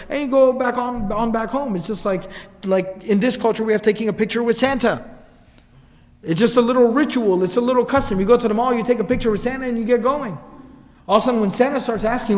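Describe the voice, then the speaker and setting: A man telling a religious story in a lecture, in a casual, animated way, acting out the quotes. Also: high voice, fast, big-room sound. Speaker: Islamic lecturer.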